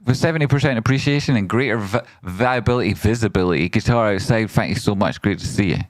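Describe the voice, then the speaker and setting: A man hosting a trading livestream, excitably giving quick, jokey shout-outs to members and talking through trades. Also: on the low side, no room sound, clean studio sound. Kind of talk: lively livestream chat, reading out members and donations.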